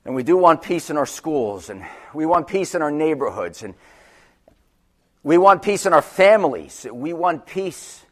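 A man preaching a sermon, moving between loud urgent peaks and quiet, low passages. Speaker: pastor.

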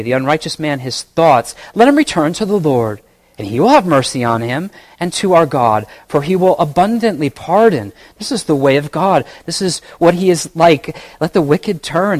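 A man preaching a sermon in a church, reading scripture slowly and with emphasis, with soft asides and chuckles. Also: fairly high pitch.

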